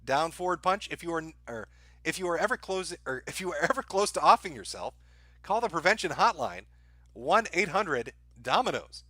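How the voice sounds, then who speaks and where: A male stream host working through viewer donation messages, reading them in a dry, offhand manner with plenty of "uh"s and crude asides. His voice sits a bit high for a man and has a bright, sharp edge. The sound is close and dead, with no room around it. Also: big pitch swings, normal speed, dry recording. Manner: crude, irreverent humor. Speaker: livestream host.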